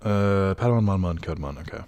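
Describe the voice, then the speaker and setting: A man's voice: deep voice, animated, quick pace, darkish tone, faint music behind. A young man casually chatting with his viewers while streaming a game, joking and rambling with lots of fillers. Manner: chatty, joking, talks to chat, frequent fillers. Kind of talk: casual livestream commentary.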